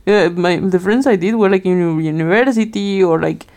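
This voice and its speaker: A woman's voice: fairly low pitch, normal speed, a little mellow. A woman co-hosting a podcast, chatting casually with lots of laughter and rambling fillers. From outside Germany. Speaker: podcast co-host. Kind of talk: casual chat.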